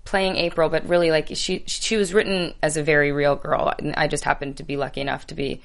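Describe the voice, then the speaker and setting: A young woman talking casually in an interview, telling lively stories and acting out what people said. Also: low voice, fairly quick, gravelly. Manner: animated storyteller, acts out quotes. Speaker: actress guest.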